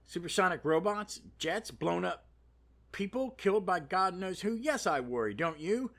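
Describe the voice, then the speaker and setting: A man's voice: high-pitched, animated, normal speed, vocal fry, a bit bright, voice pushed up, exaggerated voice. A man reading out a worried young woman's urgent lines from a comic during a casual review. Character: worried young woman pleading about her brother.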